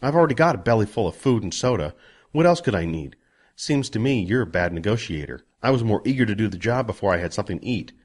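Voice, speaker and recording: A man's voice: fairly low pitch, lively intonation, fast, darkish tone. A man voicing a cocky, talkative orphan boy with a brash, cheeky manner.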